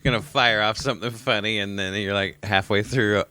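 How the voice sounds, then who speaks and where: A man's voice: on the low side, steady tone, normal speed, bright, forceful tone, clear, resonant tone, no room sound. A man in his thirties co-hosting a casual podcast, trading teasing jokes with his partner. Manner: teasing, jokey banter. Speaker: podcast co-host. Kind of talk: casual chat.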